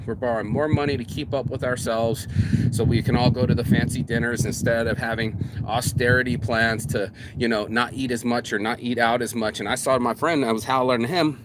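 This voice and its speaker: A man's voice: mid-range voice, background noise. Rambling, profane man talking outdoors. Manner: rambling, profane, uses "bro" often. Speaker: vlogger. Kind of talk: casual monologue to camera. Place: outdoors in public.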